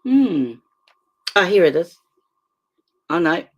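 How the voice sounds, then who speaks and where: Slow, low-voiced New Zealand woman. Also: sing-song, breathy edge. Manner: impassioned, rambling, with many fillers and restarts. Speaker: livestream host. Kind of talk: casual livestream commentary. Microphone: computer mic on a livestream.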